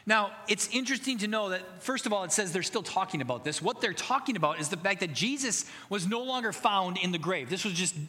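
High-voiced, bright preaching man in a hall. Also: lively intonation, brisk, few pauses. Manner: earnest, conversational preaching with rising emphasis. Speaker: pastor. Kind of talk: sermon.

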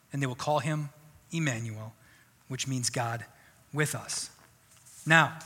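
A man preaching a sermon in a conversational, animated way. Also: on the high side, slightly rough. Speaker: pastor. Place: church sanctuary. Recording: long church hall reverb.

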